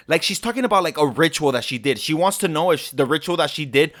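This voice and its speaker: A young man casually recapping a movie, animated and exasperated, swearing freely. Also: on the high side, fast.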